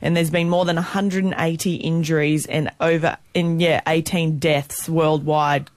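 A radio co-host, teasing and quick with jokes while reading out news items. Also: medium pitch, level tone, no room sound. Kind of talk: casual on-air banter. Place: radio studio.

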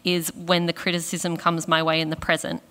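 Aussie woman guest, kinda low voice, thoughtful and self-deprecating, roomy reverb. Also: monotone, brisk, fairly bright tone, clear, resonant tone. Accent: Australian. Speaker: guest author and editor. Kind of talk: reflective conversational interview.

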